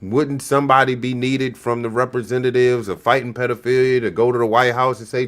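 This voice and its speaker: A man's voice: mid-range voice, little pitch movement, a little fast, few pauses. A man hosting a livestream, heatedly reacting to clips with profane, mocking commentary. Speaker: show host reacting to clips.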